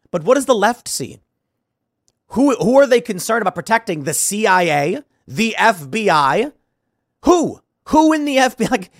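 A man's voice: high-pitched, no room sound, clean studio sound. A man hosting a solo political commentary show, sarcastic and combative, firing off rhetorical questions.

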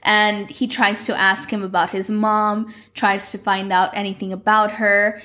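A woman's voice: medium pitch, a bit bright. A young woman casually recapping a series plot, chatty and full of "like", acting out the characters' lines. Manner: chatty, fills with "like", acts out quotes. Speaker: show recapper.

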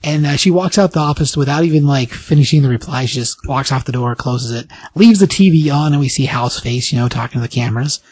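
A man's voice: medium pitch, slightly rough, no room sound. A man hosting a podcast, casually and animatedly recapping a comic book and acting out the dialogue. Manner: animated storytelling, acting out dialogue in quick voices. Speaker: podcast host.

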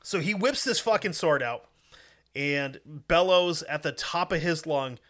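A man's voice: fairly high pitch, animated, a little slow, fairly bright tone. A man telling a war story in a casual podcast chat, profane and emphatic.

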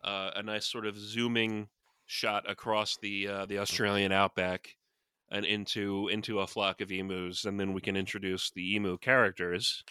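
Male co-host, casual brainstorm, rambling; low pitch, bright tone. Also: level tone, moderate pace, clean tone, no room sound, clean studio sound. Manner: rambling, many fillers and restarts. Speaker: podcast co-host.

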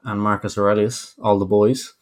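Male co-host, lowish voice, dry and blunt, casual profanity. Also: level tone, normal speed. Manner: blunt and wry, swears. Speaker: podcast co-host. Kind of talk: casual chat.

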